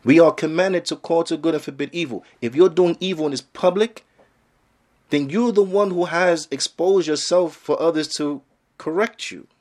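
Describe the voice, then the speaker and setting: A man's voice: a little high, normal speed, a little mellow. Emphatic male Islamic lecturer. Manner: emphatic, full of rhetorical questions; casual street phrasing. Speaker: Islamic teacher. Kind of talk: religious lecture.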